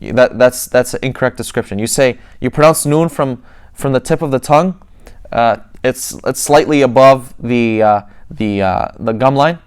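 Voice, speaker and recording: A man's voice: medium pitch, normal speed, smooth. A man teaching a lesson, explaining step by step, repeating words and demonstrating each sound himself. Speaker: tajweed teacher. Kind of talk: classroom lesson.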